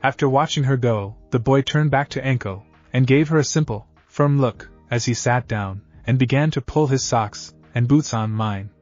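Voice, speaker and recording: A man reading scripted fan fiction narration in a steady, even way. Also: mid-range voice, moderate pace, hardly any pauses, dry recording. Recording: dull lo-fi audio with faint music.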